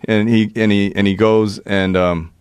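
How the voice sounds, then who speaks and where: A man in his forties from the United States, a podcast guest telling a wild story, animated, profane, full of laughs and restarts. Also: on the low side, unhurried, clear, resonant tone, dry recording. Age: 40s. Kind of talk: storytelling anecdote in casual chat.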